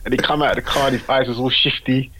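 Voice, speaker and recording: A man from Britain, a creative director, telling animated, slangy anecdotes in a casual podcast interview. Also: mid-range voice, quick pace, noisy background.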